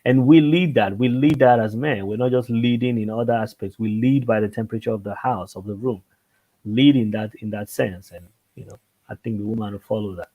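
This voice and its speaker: A man's voice: on the low side, a little fast, phone-quality sound. Chatty man making his point on a panel. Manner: animated, repeats phrases and asks "see what I'm saying?". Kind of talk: casual panel discussion.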